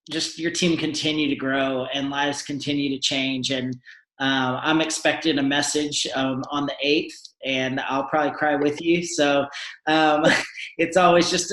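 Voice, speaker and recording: A woman's voice: a bass voice, echoey room, slight background noise, rough recording. A woman hosting a team call, encouraging and gushing, with many fillers. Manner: warm, encouraging, filler-heavy. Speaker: call host.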